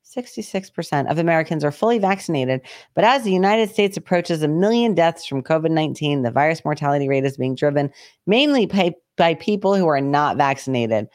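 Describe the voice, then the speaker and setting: A man's voice: fairly high pitch, animated, brisk, darkish tone, no room sound, clean studio sound. A man co-hosting a podcast, reading a news article aloud and breaking off for sarcastic, profane asides. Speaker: podcast co-host.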